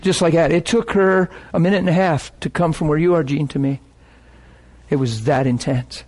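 A man preaching with animated storytelling, acting out the voices of people in his stories. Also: fairly high pitch, moderate pace. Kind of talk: sermon storytelling.

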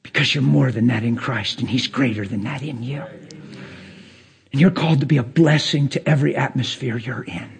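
A man preaching a sermon to a church crowd. He moves from hushed whispers to excited, nearly shouted lines and acts out people's voices in his stories. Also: normal speed, gravelly. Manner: swings between hushed whispers and high excited near-shouting.

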